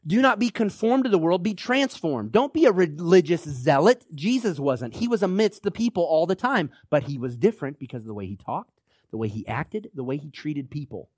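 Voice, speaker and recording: A man's voice: fairly high pitch, big pitch swings, brisk, darkish tone, dry recording, studio quality. A man preaching a sermon as pastor, emphatic and exhorting, rallying listeners with "come on now".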